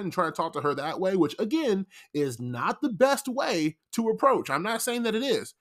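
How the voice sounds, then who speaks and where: A man's voice: sits high, very animated, moderate pace, hardly any pauses, fairly bright tone. A young man in a casual commentary monologue, rambling and defensive, explaining himself with emphatic repetition. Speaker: commentary vlogger.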